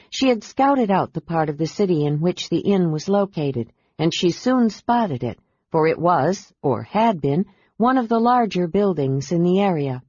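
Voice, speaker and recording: A woman reading a fantasy novel aloud as audiobook narrator, with a measured, steady delivery. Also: lowish voice, no echo. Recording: dull dry audiobook recording.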